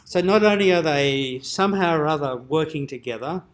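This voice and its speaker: A man's voice: a little high, moderate pace. A man, a dean, giving an informal teaching lecture at a cathedral forum, explaining in a conversational way and lifting his voice for quoted lines. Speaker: dean presenting an adult education forum.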